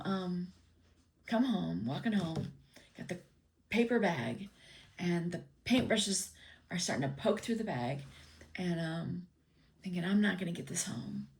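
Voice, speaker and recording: Chatty woman telling a story. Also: on the low side. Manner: chatty and meandering, many ums, acts out her father's lines. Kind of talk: casual personal storytelling.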